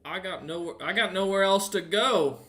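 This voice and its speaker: A man's voice: high-pitched, normal speed, a bit bright, voice pushed up. A man voicing a huge, confused half-orc man who sounds lost and plaintive, in a tabletop game. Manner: bewildered, plaintive.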